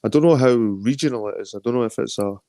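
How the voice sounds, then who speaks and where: A middle-aged Scottish man with an Edinburgh accent hosts a live stream from his phone, chatting casually and profanely and greeting viewers by name. His voice is medium-pitched, quick, and mellow, with no room sound.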